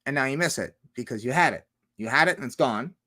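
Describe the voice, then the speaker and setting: A man's voice: mid-range voice, animated, quick pace, pushed and bright. A man chatting casually on a livestream, rambling with many restarts, swearing heavily and laughing often. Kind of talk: casual rambling stream chat.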